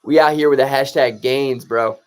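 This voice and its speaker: A man's voice: medium pitch, steady tone, moderate pace. A young man hosting a casual sports watch-along livestream, teasing and bantering with his chat. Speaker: livestream host.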